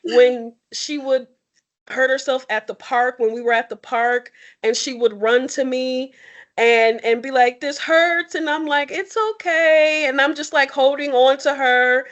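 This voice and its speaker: Casting: young adult woman, slightly high voice, candid, expressive, emotional podcast co-host. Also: unhurried, lo-fi sound. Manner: expressive, tearful at times, candid. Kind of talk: emotional heartfelt conversation.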